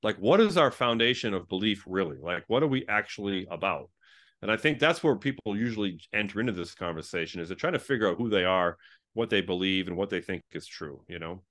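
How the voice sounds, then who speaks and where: A middle-aged man, a former pastor, telling his story as a guest in a conversational interview, animated and full of restarts. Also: on the low side, brisk. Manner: animated, frequent restarts, acts out quoted exchanges.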